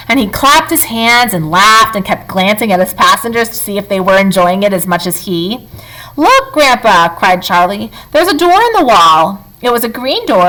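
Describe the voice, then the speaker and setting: Bright, expressive woman reading a story. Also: medium pitch, low-quality recording. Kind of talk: reading a children's book aloud.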